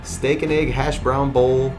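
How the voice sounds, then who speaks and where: A man's voice: medium pitch, level tone, measured pace, music in the background. Playful male podcast host reading scenarios. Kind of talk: casual podcast game segment.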